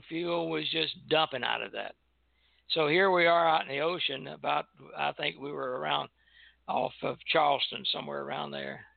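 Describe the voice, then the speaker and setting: Gravelly older man on a phone line. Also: fairly high pitch, no echo. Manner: relaxed anecdotal storytelling, chuckling. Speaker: retired airline pilot. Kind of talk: casual reminiscing on a call-in show.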